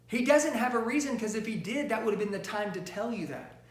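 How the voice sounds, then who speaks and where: A high-voiced man coaches salespeople with loud, emphatic energy, pushing his points hard. His voice rings in a roomy, echoing space. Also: lively intonation, brisk. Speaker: sales trainer. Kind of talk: motivational sales training talk. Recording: roomy echo.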